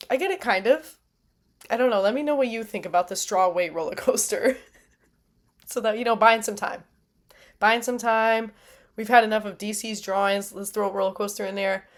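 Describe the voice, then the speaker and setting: A woman hosting a casual fight recap, chatty and animated, often laughing at herself. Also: mid-range voice, normal speed, long pauses. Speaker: fight review host.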